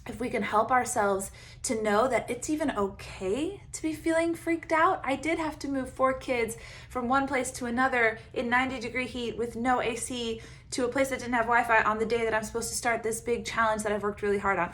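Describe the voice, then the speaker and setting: A woman with a slightly raised pitch talks through coaching advice in a relaxed, conversational way. She is animated and laughs easily, often slipping into little acted-out bits of her own self-talk. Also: a little fast. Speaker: Enneagram coach, podcast host.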